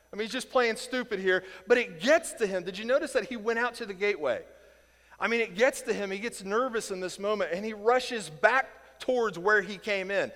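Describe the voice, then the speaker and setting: Guy from indiana teaching bible stuff, fairly high voice, acts out the characters, long echo off the hall. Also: fairly quick. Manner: animated, acts out quoted voices, chuckles.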